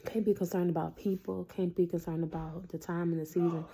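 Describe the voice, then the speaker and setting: A woman's voice: on the low side, flat delivery, a little fast, creaky, mellow. A woman in a casual, earnest faith talk to camera, preaching to her viewers with lots of fillers. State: tearful at times. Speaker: Christian vlogger.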